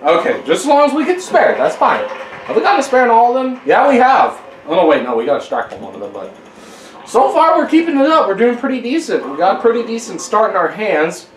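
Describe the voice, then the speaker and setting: A young man giving casual gameplay commentary at home, exasperated and yelling at the game. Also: extremely high pitch, big pitch swings, brisk, reverberant, slight background noise, poor audio. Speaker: gaming YouTuber. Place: home living room.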